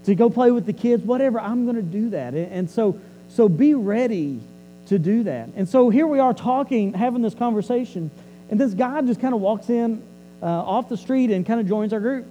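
High-voiced, mellow male preacher. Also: normal speed, in a large hall, dull audio, a little hiss or hum. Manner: conversational, repeats and restarts words. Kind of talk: storytelling sermon.

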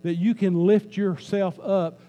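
A pastor preaching a conversational sermon in a church, joking with the congregation and repeating phrases for emphasis. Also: male voice, high-pitched, steady tone, unhurried, muffled recording. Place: church sanctuary. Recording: faint mains hum.

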